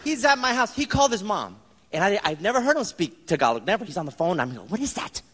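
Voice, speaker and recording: Animated high-voiced stand-up comedian. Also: male voice, fast. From Bronx, New York. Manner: animated, jokey, talks to the crowd. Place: live comedy stage in a large hall. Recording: echoey hall with crowd noise. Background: audience laughter.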